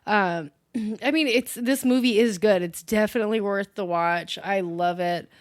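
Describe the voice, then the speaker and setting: A young woman co-hosting a casual movie review, chatty and relaxed, with plenty of ums between thoughts. Her voice sits in a middle range. The sound is dry and close. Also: medium pitch, moderate pace, dry recording. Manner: chatty, with many filler ums. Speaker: co-host.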